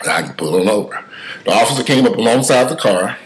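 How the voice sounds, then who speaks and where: A man giving casual spoken commentary, telling stories with emphatic swings from loud outbursts to mutters, cursing freely. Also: on the low side, animated, fast talker, slight background noise, poor audio.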